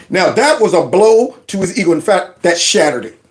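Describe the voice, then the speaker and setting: Animated, slangy male commentator. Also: high voice, moderate pace. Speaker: commentary channel host. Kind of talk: casual political commentary.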